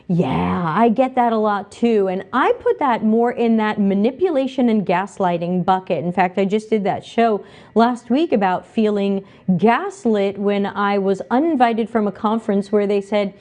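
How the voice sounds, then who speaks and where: A woman hosting a livestream, reading viewer comments aloud and answering them with animated emphasis. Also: medium pitch, measured pace. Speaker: livestream host reading chat.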